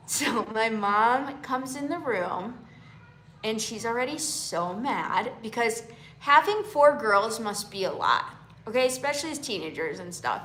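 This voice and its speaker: A woman with a medium-pitched, slightly bright voice and lively intonation hosts a livestream, casually telling a personal story at normal speed. Chatty, she keeps checking in with viewers, saying things like "okay?" and "you guys." The recording has a roomy echo and slight background noise.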